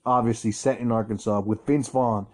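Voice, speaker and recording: A podcast co-host speaks at a normal speed in a lowish, steady, slightly mellow voice. His casual chat is playful, teasing and rambling.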